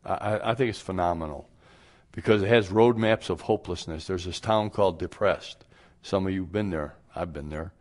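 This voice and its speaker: A man's voice: low voice, moderate pace, darkish tone. A man preaching a radio sermon as pastor, down-to-earth and folksy, sometimes acting out both sides of imagined everyday conversations.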